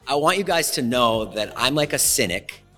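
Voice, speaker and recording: A man's voice: mid-range voice, moderate pace, soft background music. Forty-something male podcast host, reverby studio. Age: 40s. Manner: animated storyteller, self-deprecating. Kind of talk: casual chat.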